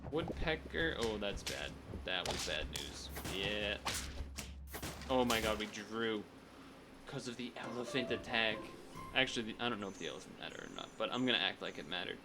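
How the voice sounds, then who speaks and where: A man's voice: lowish voice, expressive, moderate pace, background noise. A man streaming a strategy game, chatting casually and thinking aloud, often restarting his sentences. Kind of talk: casual gameplay commentary.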